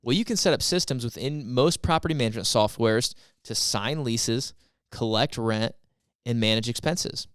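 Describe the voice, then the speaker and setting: Smooth, dry-voiced man explaining on a podcast. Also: medium pitch, moderate pace, a bit bright, dry recording. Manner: explanatory, builds points step by step. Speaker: podcast co-host. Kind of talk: casual podcast chat.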